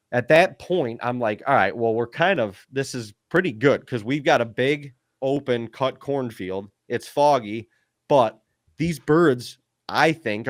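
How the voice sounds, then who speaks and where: Excitable man telling a hunting story. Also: mid-range voice, no room sound, clean studio sound. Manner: excited storyteller, says "dude" and "like" a lot. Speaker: podcast co-host. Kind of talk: casual storytelling chat.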